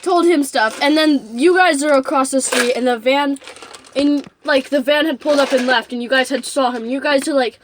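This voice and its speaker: A woman's voice: sits high, moderate pace, slight background noise. A young woman telling a rambling, giggly story in a casual vlog and cussing often.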